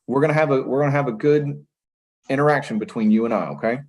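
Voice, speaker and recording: A man's voice: medium pitch, fast talker, darkish tone, low-quality recording. A man serving as magistrate judge at a first appearance hearing, speaking firmly but patiently and repeating himself to keep the defendant listening. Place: courtroom.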